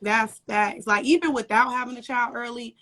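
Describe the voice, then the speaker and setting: A woman's voice: fairly high pitch, fairly quick, a bit bright. A young woman, a guest and mother, chatting casually and laughing often on a live video call from a little corner at home. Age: young adult. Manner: laughing often, loose slangy storytelling. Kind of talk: casual interview chat.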